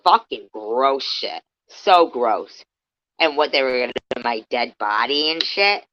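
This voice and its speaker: A woman with a low voice rants angrily on a livestream, her delivery swinging widely between muttering and shouting. She swears constantly and talks heatedly to someone she despises. The stream audio is dull and lo-fi. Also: expressive, unhurried. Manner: profane, heated, swings from muttering to loud outbursts. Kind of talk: angry ranting livestream commentary.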